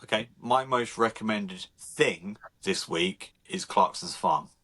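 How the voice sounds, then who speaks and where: Here is a man with a fairly low voice co-hosting a film podcast. He speaks in brief, matter-of-fact asides as he chats casually. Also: takes it slowly, fairly bright tone. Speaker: podcast co-host. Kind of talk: casual chat.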